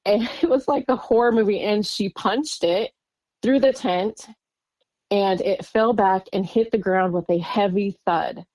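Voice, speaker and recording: A woman's voice: medium pitch, measured pace, a little mellow, no echo. A woman from Oregon, a guest on an interview podcast, recounting a personal encounter in a rambling way with lots of fillers and nervous laughs. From Oregon, USA. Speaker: guest witness.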